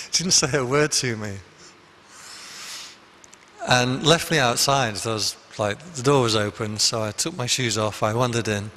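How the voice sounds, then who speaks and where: A man's voice: medium pitch, measured pace, long pauses, bright, forceful tone, a little hiss or hum. A man, a Buddhist monk, giving a conversational dharma talk full of anecdotes in a meditation hall. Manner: conversational, anecdotal, with frequent restarts.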